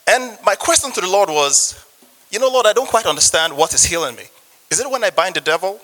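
His sermon mixes scripture reading with an earnest personal testimony, and he keeps asking the audience for amens. The voice is high-pitched, animated, fairly quick, bright, and forceful, set in a long hall reverb.

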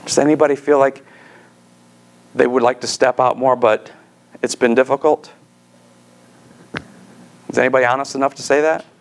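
A man's voice: mid-range voice, fairly even intonation, moderate pace, gravelly, long pauses. Earnest man preaching a sermon. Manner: earnest, storytelling, pleading. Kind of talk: sermon with prayer.

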